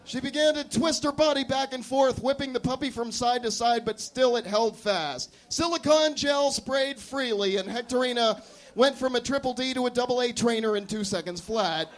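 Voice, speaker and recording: High-voiced man reading a comic story. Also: normal speed. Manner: deadpan absurd storytelling. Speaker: performance artist. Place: café.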